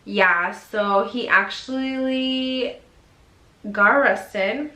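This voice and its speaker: Speaking very slowly in a slightly high, pushed, bright voice, a young woman vlogger tells a chatty storytime. She says "like" a lot and swears now and then, and the recording has a roomy echo.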